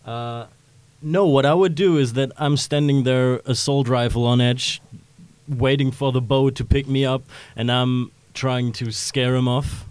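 Young man, tabletop player, calm and low-key, mid-pitched voice. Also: measured pace, clean tone, no room sound. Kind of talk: casual tabletop play.

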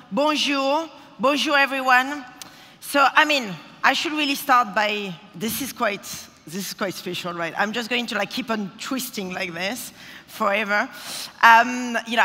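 Woman in her 30s, keynote speaker, bright and punchy, playful with the crowd, big hall reverb. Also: on the high side. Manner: playful, chatty, teasing the audience. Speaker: conference speaker. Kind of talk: live stage talk. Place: conference stage in a large hall. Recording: hall reverb from a large venue.

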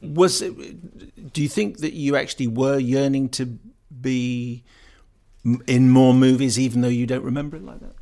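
A man's voice: mid-range voice, steady tone, normal speed, warm tone. A man hosting a film programme, asking an interview guest questions in a conversational, appreciative manner. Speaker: host.

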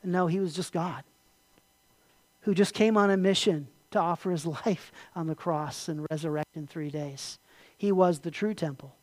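Pastor giving an animated sermon in a dry, close sound; dramatic drops to a near-hush, then big lifts. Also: mid-range voice, moderate pace, dry recording. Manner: animated, swinging from hushed to loud; rhetorical questions.

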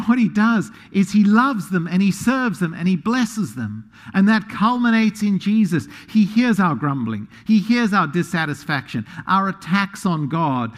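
A man preaching a sermon as pastor, animated and self-deprecating, moving into a quiet prayer. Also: high voice. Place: church sanctuary. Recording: long hall reverb.

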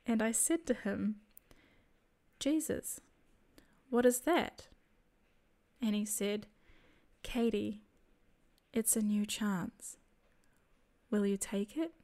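Slow, softly reflective woman. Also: mid-range voice, steady tone. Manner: slow, soft, reflective storytelling. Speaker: storyteller sharing a spiritual experience. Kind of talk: personal faith testimony.

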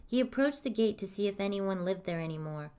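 A woman's voice: medium pitch, animated, a little fast, mellow, clear, resonant tone. Woman reading a fairy tale aloud. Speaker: storyteller.

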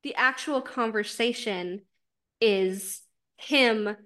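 A woman co-hosting a casual book podcast, animated, acting out characters' lines with frequent laughs and swearing. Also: fairly high pitch, takes it slowly. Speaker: podcast co-host.

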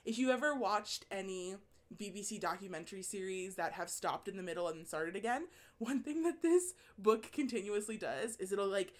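A woman's voice: mid-range voice, animated, normal speed. A woman in casual podcast chat, talking animatedly, laughing often and swearing as she raves about a book.

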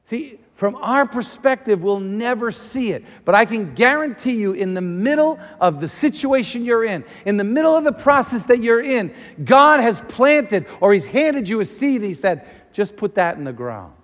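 A man preaching a sermon as pastor, talking in an animated way and acting out the voices he quotes. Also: extremely high pitch, moderate pace, hardly any pauses, in a large hall.

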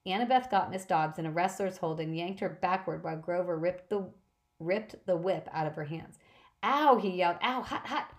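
A woman reading an adventure novel aloud as an audiobook narrator, with a lowish voice. Her first-person telling is brisk and lively. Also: gravelly.

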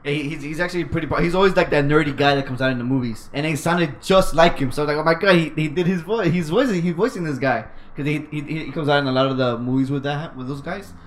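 Man, fast talker, lots of restarts, casual movie chat, slightly high voice. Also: a little hiss or hum. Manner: fast, stumbling, many restarts.

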